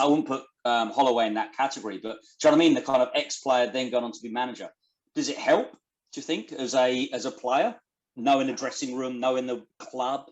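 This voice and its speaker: A man hosting a podcast, asking long, meandering questions and rephrasing them as he goes. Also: medium pitch. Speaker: podcast host. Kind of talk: casual interview questions.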